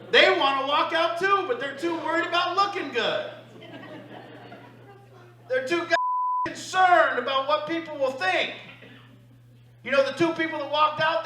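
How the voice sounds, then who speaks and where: Emphatic high-voiced man coaching a group. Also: echoey room, low-quality recording. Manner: emphatic, confessional, swings between loud and hushed. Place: meeting room.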